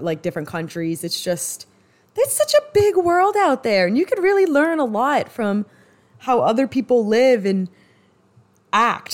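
Chatty New York woman with lively pitch. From US East Coast. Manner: chatty, rambling, animated with many restarts. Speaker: podcast host. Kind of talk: casual solo podcast chat.

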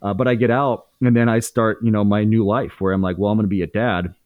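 Low-voiced man telling a rough story. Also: steady tone, fast talker, no echo, narrow, tinny audio. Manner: casual, swears freely, many fillers and restarts. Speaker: guest. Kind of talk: candid storytelling in a podcast conversation.

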